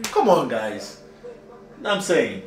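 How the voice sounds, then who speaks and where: A man's voice: mid-range voice, huge pitch swings, unhurried. A man vlogging casually from a hotel room, rambling and laughing as he talks. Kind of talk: casual vlog chat. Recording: echoey room with faint noise.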